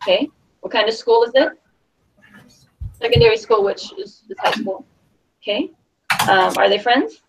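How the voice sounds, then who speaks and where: This Spanish teacher speaks at a moderate pace with long pauses, her fairly high voice animated as she chats through explanations. She frequently checks in with the class by asking "okay?" The classroom audio is distant, dull and lo-fi.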